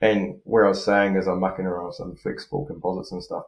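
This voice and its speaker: A man chatting casually on a podcast, relaxed and rambling, with many fillers and restarts. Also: deep voice, quick pace. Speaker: podcast co-host, freestyle motocross rider. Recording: roomy echo.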